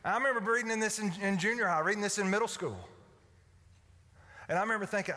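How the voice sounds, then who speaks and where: A man preaching a folksy, humorous sermon from the pulpit. His voice is bright and somewhat high, dropping to a hush for effect. A long reverb fills the church hall. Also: fast, a little hiss or hum. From Alabama. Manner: folksy, humorous, swings from loud to hushed. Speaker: pastor. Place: church sanctuary.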